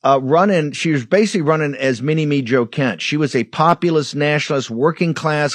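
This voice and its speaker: A man's voice: fairly high pitch, no room sound. Combative male political talk host. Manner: combative, sarcastic, mocking, rapid-fire. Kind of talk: fiery political commentary.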